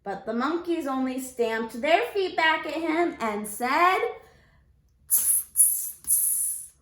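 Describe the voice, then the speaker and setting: A female teacher reading a picture book aloud to children, expressive and unhurried, pausing to ask them questions. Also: high-pitched, reverberant. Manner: expressive, slow storytelling, asks the children questions.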